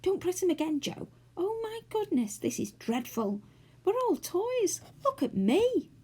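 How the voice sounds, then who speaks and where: A woman's voice: extremely high pitch, sing-song, measured pace, dark tone, pitched above the performer's own voice, exaggerated voice. A woman voicing an alarmed, fussy fairy who has turned into a doll in a storybook.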